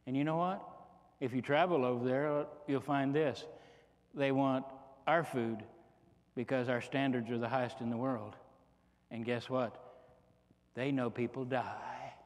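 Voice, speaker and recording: A man's voice: medium pitch, fairly even intonation, a little slow, long pauses. A man in his fifties, an economist giving a folksy, joking keynote talk that is full of rhetorical questions to the audience. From Texas. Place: large conference hall. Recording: long hall reverb.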